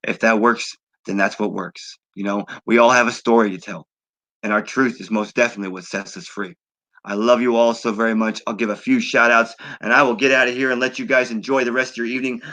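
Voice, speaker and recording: Brief: male livestream host, bright tone, earnest and repetitive thanks to viewers. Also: medium pitch, steady tone, a little fast, rough recording. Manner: heartfelt, repetitive shout-outs. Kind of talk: casual livestream sign-off.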